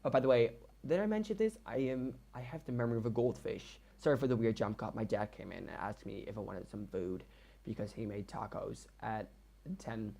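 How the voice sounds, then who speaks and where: A man's voice: lowish voice, gravelly, warm tone. Rambling young man, Dutch accent. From Netherlands. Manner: rambling, self-deprecating, halting restarts. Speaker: game builder. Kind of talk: casual storytelling voiceover.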